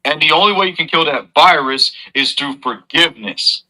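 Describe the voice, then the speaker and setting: Man, very bright ringing voice, earnest, moralizing, lecturing streamer. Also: a little high, expressive, moderate pace, low-quality recording. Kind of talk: preachy advice monologue.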